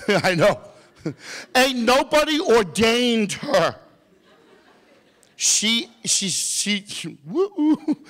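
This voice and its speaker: A man's voice: high-pitched, a bit bright, big-room sound. A man giving a comedic motivational talk to a youth audience, playful and teasing with the crowd. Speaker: motivational speaker.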